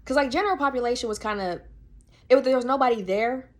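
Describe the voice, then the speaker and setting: A young woman telling a personal story on her podcast, animated and slangy, full of fillers. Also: on the high side, fast. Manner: animated, slangy, many fillers, laughs often. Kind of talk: casual storytelling.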